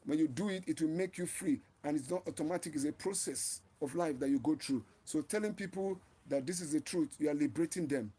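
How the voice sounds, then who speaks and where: A man's voice: a little high, a little fast, hardly any pauses, mellow, breathy edge. A man hosting his own channel, giving an impassioned, preachy live-stream talk and often repeating and restarting his phrases. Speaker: channel host.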